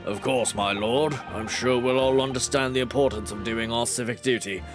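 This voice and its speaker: A man putting on a low, grave voice for a dutiful juror in a courtroom game. the delivery is slow and measured, with faint music behind it. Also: fairly even intonation, close to an everyday voice. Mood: solemn.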